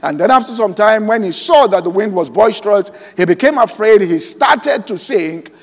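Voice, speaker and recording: Male pastor with a very high voice, preaching slowly to a congregation in a reverberant hall. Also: lively intonation. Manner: preaching slowly and deliberately, quoting scripture aloud; checks in with the congregation often. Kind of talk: sermon. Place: large church hall.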